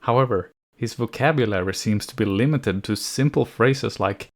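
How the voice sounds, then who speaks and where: A man's voice: fairly low pitch, normal speed. A man giving scripted review commentary on an anime series, sardonic and nitpicking, with an exasperated edge.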